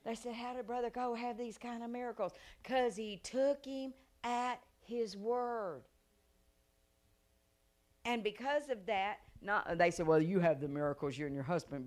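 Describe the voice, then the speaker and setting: Woman evangelist, middle-aged, revival sermon; dramatic storyteller who swells into loud, fervent preaching. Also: sits low. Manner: animated storytelling, acts out voices and gasps; rises to loud preaching cadence.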